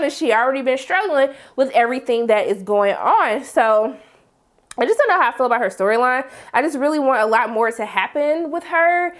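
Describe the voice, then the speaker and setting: A woman chatting casually as she recaps a TV episode, slangy and animated, acting out her own reactions. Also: high voice, a little fast. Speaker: TV review vlogger.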